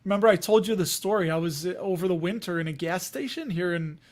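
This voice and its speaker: A Chicago-accented man hosts a casual investing livestream, rambling and chatty and laughing often with his viewers. His voice is high-pitched and he talks fast.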